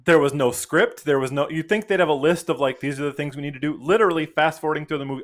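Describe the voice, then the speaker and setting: A male podcast guest tells a story in casual conversation, animatedly acting out the voices of the people he quotes. His voice is a little high and his pace is quick.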